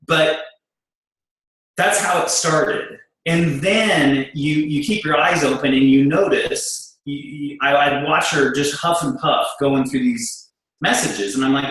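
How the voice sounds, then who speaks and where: A man's voice: a little high, heavy reverb, low-quality recording. A middle-aged man speaking candidly and bluntly about working in business with his wife, acting out the back-and-forth. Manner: blunt and animated, acting out quoted exchanges. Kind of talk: candid storytelling to an audience.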